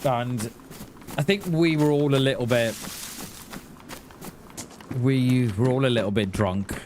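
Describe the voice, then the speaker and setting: Slow-talking man streaming a game. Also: mid-range voice, darkish tone, slight background noise. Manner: rambling, chatty, quick to laugh at himself. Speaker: gaming streamer. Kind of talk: casual live-stream chat while gaming.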